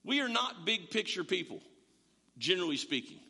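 A middle-aged male pastor preaches with a high, bright, forceful voice that rings through a long hall reverb. He talks in an animated, joking way, stumbling over restarts as he goes. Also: normal speed, vocal fry, breathy edge. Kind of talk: sermon.

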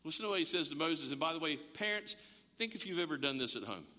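Pastor guy preaching, joking around, high-ish voice, long echo in the church. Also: quick pace. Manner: conversational, humorous, animated storytelling. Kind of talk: sermon. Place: church sanctuary. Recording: long echo of a large hall.

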